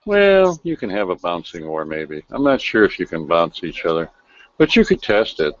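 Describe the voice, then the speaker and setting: A man's voice: sits low, sing-song, normal speed, no echo. A man running a voice chat room, laying down the rules in a stern, gloating way. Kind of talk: casual voice chat. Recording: dull lo-fi voice chat audio.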